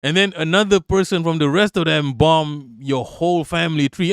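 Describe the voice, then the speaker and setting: A man's voice: a little high, moderate pace, few pauses, smooth, no echo, clean studio sound. Blunt, profane man streaming live. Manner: profane, blunt, laughs often. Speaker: live-stream political commentator. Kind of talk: casual live-stream commentary reading chat.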